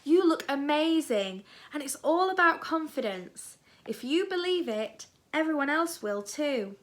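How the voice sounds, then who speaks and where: A woman's voice: high voice, expressive, measured pace, pitched above the performer's own voice. Woman reading as an eager, coaxing girl. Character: bold, playful teenage girl, encouraging friend.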